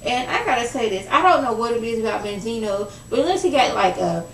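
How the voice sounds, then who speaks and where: Chatty woman recapping with gravelly voice. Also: expressive, fast talker, a bit bright, slight background noise. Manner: chatty, gossipy, acts out quoted lines in lowered voice. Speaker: reality show reviewer. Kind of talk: casual recap vlog. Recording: echoey room, mic at a distance.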